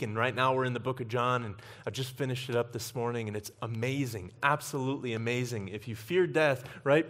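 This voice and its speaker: A man's voice: mid-range voice, a bit bright. A man preaching an evening sermon as pastor, earnest, building emphasis and volume on key points.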